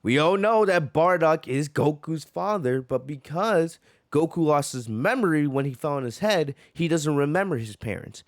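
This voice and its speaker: A man's voice: fairly high pitch, expressive, moderate pace, no echo, clean studio sound. A man hosting a manga reaction, talking eagerly and often checking in with "right?". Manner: eager, keeps asking "right?". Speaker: host.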